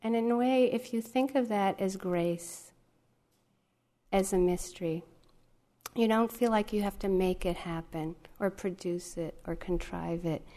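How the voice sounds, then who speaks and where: A woman's voice: medium pitch, measured pace, dark tone. A woman meditation teacher giving a dharma talk, telling a story with lots of amused laughter before moving into teaching. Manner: amused, laughs often while telling stories. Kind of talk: dharma talk with a personal anecdote. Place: retreat center meditation hall.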